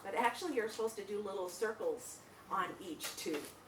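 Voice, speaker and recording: A middle-aged woman lecturing a class in a chatty, animated way, laughing as she tells stories. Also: mid-range voice, normal speed, a little hiss or hum. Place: lecture room.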